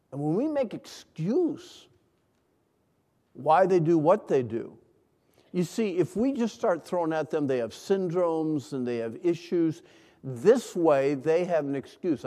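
A middle-aged man preaching a sermon, leading call-and-response and swinging between hushed and loud lines. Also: on the high side. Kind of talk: sermon to a congregation. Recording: long hall reverb.

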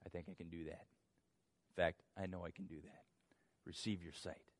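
A man speaking as a soft, low-voiced gentle healer. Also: flat delivery, dry recording, lightly acted. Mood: reassuring. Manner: soft, unhurried, reassuring. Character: calm gentle compassionate male healer.

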